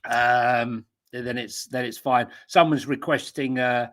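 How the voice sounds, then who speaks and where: A man's voice: medium pitch, fairly even intonation, takes it slowly, fairly bright tone. A man co-hosting a casual football podcast in a chatty, self-mocking way. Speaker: podcast co-host.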